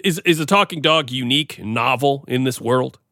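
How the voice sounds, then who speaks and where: A man's voice: mid-range voice, brisk, sharp tone, no room sound, clean studio sound. A man co-hosting a comedy podcast, talking in a rambling, playful, self-deprecating way. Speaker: podcast co-host. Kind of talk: casual comedic chat.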